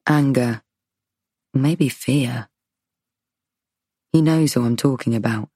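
Woman narrator, unhurried first-person audiobook read, dry studio sound, wry edge. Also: rumbling low, warm tone, breathy edge, dry recording.

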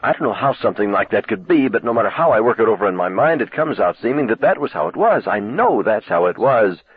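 Guy putting on a teen girl pleading thru tears, kinda husky, thin lo-fi tape sound. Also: fairly low pitch, sing-song, fast, no echo, exaggerated voice. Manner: pleading, wavering toward tears. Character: pleading, tearful teenage girl on phone. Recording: tinny lo-fi cassette sound.

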